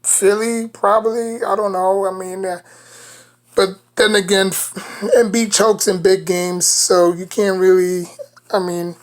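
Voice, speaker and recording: A woman's voice: mid-range voice, steady tone, measured pace, darkish tone. Woman with a New York accent, rambling. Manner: rambling, leans heavily on "you know". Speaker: sports vlogger. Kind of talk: casual basketball commentary to camera.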